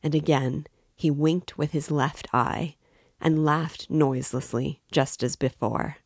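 A woman reading a classic novel aloud as an audiobook in a measured, even way. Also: deep voice, no room sound, clean studio sound. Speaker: audiobook reader. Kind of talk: literary audiobook narration.

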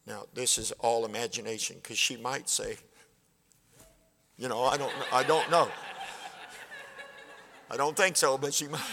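A man's voice: mid-range voice, steady tone, a little slow, gravelly, long pauses, pushed and bright. An older man in his seventies preaching a sermon in a folksy, plainspoken way, acting out conversations. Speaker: pastor. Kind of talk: sermon with storytelling. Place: church sanctuary. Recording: church hall reverb.

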